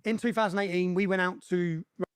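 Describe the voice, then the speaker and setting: A man's voice: high-pitched, steady tone, fairly quick, smooth, no echo, clean studio sound. A man answering an interviewer on a podcast, blunt and insistent, tagging his points with "yeah?". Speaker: podcast guest.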